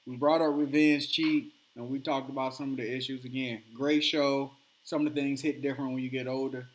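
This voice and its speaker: A man hosting a podcast, telling a story in casual chat and acting out the quotes with animated energy. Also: medium pitch, a little fast. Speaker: podcast host.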